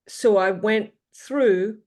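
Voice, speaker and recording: A woman's voice: medium pitch, a little mellow. A woman in her fifties, a podcast guest telling a personal story in a thoughtful, reflective way, often circling back to restate her points. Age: 50s.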